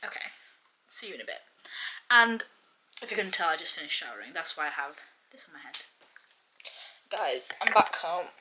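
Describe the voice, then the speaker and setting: A woman's voice: deep voice, animated, normal speed, long pauses, pushed and bright, low-quality recording. A young woman talking casually to her camera in a reading vlog. She rambles in a chatty way and gets emotional about the book. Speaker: book vlogger.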